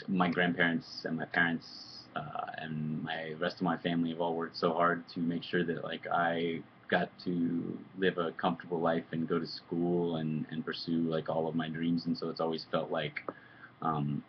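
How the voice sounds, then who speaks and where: A man's voice: low-pitched, monotone, moderate pace, lo-fi sound, a little hiss or hum. A man chatting casually on a live video stream, answering fan questions in a loose, joking, rambling way. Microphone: computer webcam mic.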